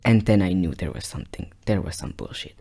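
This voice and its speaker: A man casually telling a long personal story, rambling and repeating himself, sometimes dropping to a hushed near-whisper. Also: sits low, lively intonation, fairly quick, gravelly, breathy edge.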